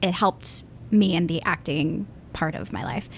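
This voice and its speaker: A woman's voice: lowish voice, unhurried, vocal fry, slight background noise. A woman from Pennsylvania, a musical theater actress, talking casually as an interview guest, thoughtful and full of restarts. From Pennsylvania, USA. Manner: thoughtful, with many fillers and restarts.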